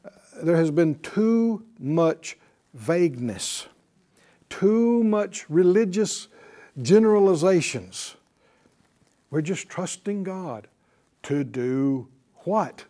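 A man's voice: sits high, animated, takes it slowly, pauses often, warm tone. A man teaching a Bible class in a sermon style, emphatic and repetitive, often putting questions to the class.

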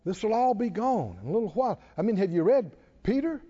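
A man preaching a sermon with animated delivery, repeating phrases and quoting scripture. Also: high voice, a little fast, slightly rough, highs cut off. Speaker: pastor.

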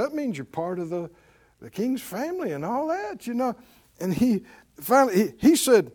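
A male preacher delivering a sermon in an animated storytelling manner. His voice sits high and swings widely in pitch, and he acts out the people in the story as he goes. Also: normal speed.

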